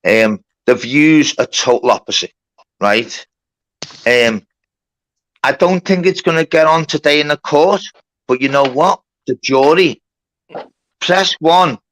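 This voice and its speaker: A man's voice: fairly high pitch, animated, takes it slowly, pauses often, a bit bright, low-quality recording. A man hosting a mock court on a live stream, laying down rules and swearing at people who interrupt. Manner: bossy, sweary, keeps order. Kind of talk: casual live-stream moderation.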